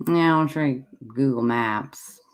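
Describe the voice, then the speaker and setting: An easygoing host talking on a home livestream in a mid-range voice. They speak in a halting, think-out-loud way. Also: medium pitch. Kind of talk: casual livestream chat. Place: home with many devices running.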